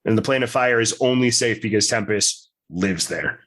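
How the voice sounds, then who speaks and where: A man's voice: fairly low pitch, moderate pace, fairly bright tone. A man running a tabletop game, explaining the rules casually and swearing now and then. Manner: casual, swears freely, laughs between points. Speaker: game master.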